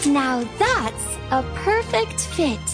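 A woman's voice: sits high, big pitch swings, slow, heavily acted. A woman voicing a hopeful young puppy in a radio ad, musing in a playful, childlike way about what to be. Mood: wondering. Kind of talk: scripted radio ad. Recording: music bed under the voice.

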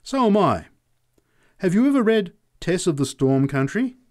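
A brusque, boastful woman writer who waves people off, pitched well up and pushed out loud, as a male narrator puts her on. Her delivery swoops about with a lively, animated lilt. It is an audiobook reading. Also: fast, dry recording, clean studio sound. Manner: curt, dismissive then boastful. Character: brisk woman writer, abrupt and proud.

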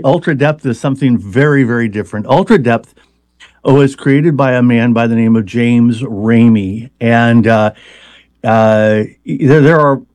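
A man's voice: medium pitch, darkish tone, no echo. A man being interviewed as a hypnotist, explaining at length in a conversational way with many fillers and restarts.

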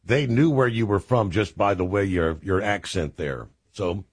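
A low-pitched male radio host with a slightly husky voice and a lively, swinging delivery. He jokes with callers in a friendly, upbeat way, and his voice sounds dry and close. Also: measured pace, dry recording. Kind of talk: radio call-in hosting.

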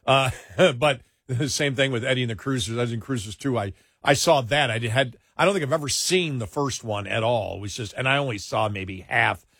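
Guy hosting a chatty talk show, kinda husky voice, rambles and restarts a lot, dry close sound. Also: mid-range voice, fairly quick, hardly any pauses, a bit bright, no echo. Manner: rambling, self-correcting, builds up emphatically. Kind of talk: casual political talk show chat.

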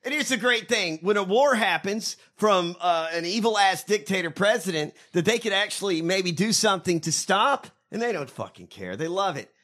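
Podcast co-host, man, high bright voice, profane and mocking. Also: expressive, moderate pace, few pauses. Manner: profane, mocking, laughs often. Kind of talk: casual political chat.

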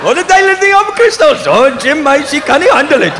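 A man doing a garbled, exaggerated, shouty impression of a flustered Scottish starship engineer. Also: on the high side, big pitch swings, takes it slowly, gravelly, full character voice. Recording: live club, crowd laughter and noise.

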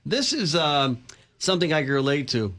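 A middle-aged man from the Chicago area spins rambling, self-deprecating stories in casual conversation. His voice sits a little higher than most men's. He acts out the other people in his tales as he goes. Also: normal speed. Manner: rambling anecdotes, self-deprecating, animated quoting. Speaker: co-host. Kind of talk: casual chat, storytelling.

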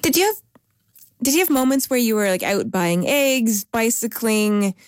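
A woman's voice: fairly high pitch, animated, normal speed, no echo, clean studio sound. A woman hosting and narrating, talking in an eager, chatty way with many fillers. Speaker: host. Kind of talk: podcast narration and interview. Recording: music bed behind voice.

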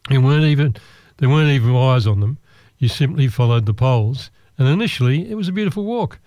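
A man's voice: mid-range voice, expressive, quick pace, warm tone, no room sound. A man telling a true personal anecdote in a self-deprecating, wry way, rambling a little with restarts. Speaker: storyteller. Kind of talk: personal anecdote told to listeners.

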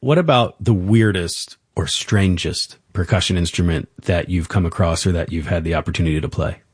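Male interviewer, low voice, upbeat and encouraging, dry studio sound. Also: normal speed, slightly rough, dry recording. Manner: enthusiastic, encouraging. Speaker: interview host. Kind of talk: interview hosting.

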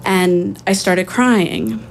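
Female storyteller, earnest and measured, mid-pitch, light background noise. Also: gravelly. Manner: earnest, measured, quoting others in dialogue. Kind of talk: personal story told on stage.

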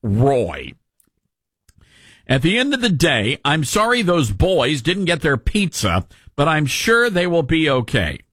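A man's voice: a little high, huge pitch swings, takes it slowly, a bit bright, slightly rough, no echo. A man hosting a talk radio show, giving mocking, sarcastic commentary into a studio microphone.

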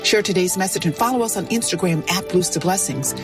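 A woman reading a scripted devotional in a slow, soothing, measured way. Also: fairly low pitch, far from the mic, over music. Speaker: devotional segment narrator.

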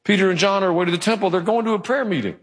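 A male pastor preaching a sermon in a church, telling the story with animated delivery. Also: sits high, rapid-fire. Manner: animated storytelling, acting out quoted voices. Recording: long hall reverb.

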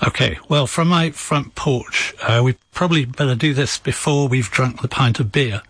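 A man, an author guest on a radio interview, explaining history in a measured, storytelling way. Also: medium pitch, fairly bright tone, no echo. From England.

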